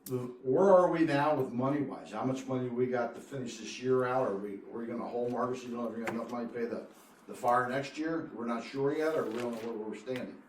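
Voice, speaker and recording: Fast-talking blunt man at council. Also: mid-range voice, slight background noise. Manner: blunt, pressing questions. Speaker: resident addressing council. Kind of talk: public comment at a council meeting. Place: municipal meeting room. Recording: echoey hall, distant mic.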